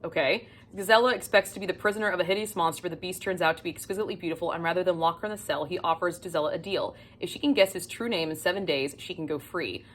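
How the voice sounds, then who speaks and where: A woman chatting casually in a book haul vlog, gushing and excitable, swearing freely and swinging between loud squeals and whispers. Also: on the low side, quick pace, hardly any pauses. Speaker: book vlogger.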